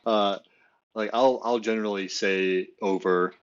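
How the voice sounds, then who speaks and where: A man co-hosting a casual podcast, telling stories in a relaxed, halting way with many fillers. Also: fairly low pitch, dull audio, a little hiss or hum. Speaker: podcast co-host. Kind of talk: casual chat.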